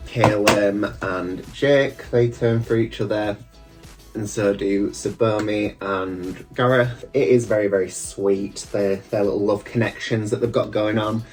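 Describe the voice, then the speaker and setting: A man's voice: on the low side, darkish tone. A man, a drag queen, chatting casually and campily with rambling asides as he reviews a TV show while getting ready at a mirror. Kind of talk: casual reaction chat.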